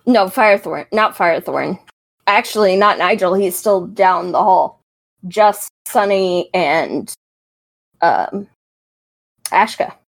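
A woman's voice: mid-range voice, slow pace, gravelly, pauses often. A woman running a tabletop game as game master, narrating hesitantly with many fillers.

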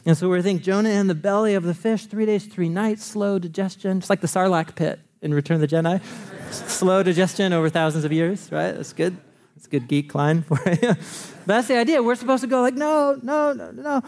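A man with a fairly high voice delivers a sermon in a casual, conversational tone. He keeps it animated, swooping up and down and breaking into laughs often. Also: brisk. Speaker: pastor.

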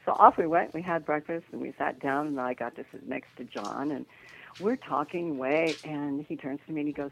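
An older woman tells her stories with animated energy and slips into the voices of the people she describes. Her voice has a gravelly edge and comes through a thin, tinny phone line, as if calling in. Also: deep voice, brisk, a little hiss or hum. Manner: lively storyteller who acts out the voices in her anecdotes. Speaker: guest, psychic detective. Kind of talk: animated storytelling in a phone interview. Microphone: telephone.

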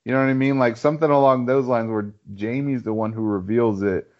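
A man's voice: medium pitch, fairly even intonation, fairly quick. A man in a casual podcast chat, thoughtful and hedging as he explains his view at length. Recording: dull lo-fi sound.

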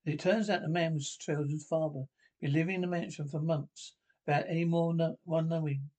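A man reading a spooky story aloud, halting and stumbling over his words. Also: fairly high pitch, fairly even intonation, darkish tone. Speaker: narrator.

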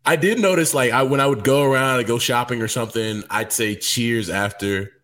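A man co-hosting a podcast, talking in a confident, animated way with frequent laughs. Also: mid-range voice, brisk. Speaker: podcast co-host. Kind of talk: casual chat.

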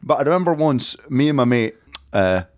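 A Scottish man, a regular co-host, telling an animated story in a casual chat. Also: fairly quick, no echo, studio quality. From Scotland. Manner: animated, jumps high into quoted voices.

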